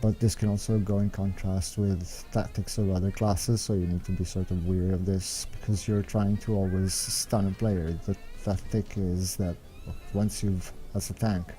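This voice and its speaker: Low, dark-voiced man explaining game tactics. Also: flat delivery, normal speed, few pauses. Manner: meandering, explanatory, thinks aloud. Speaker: game strategy guide maker. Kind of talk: unscripted commentary over gameplay footage.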